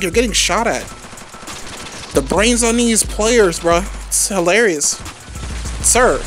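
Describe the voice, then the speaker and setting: A gaming YouTuber giving live gameplay commentary, ranting with sarcastic asides and yelping high when surprised. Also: animated, normal speed, fairly bright tone, faint music behind. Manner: ranting, exclaims with sudden high yelps; sarcastic asides, calls others "sir" and "bro".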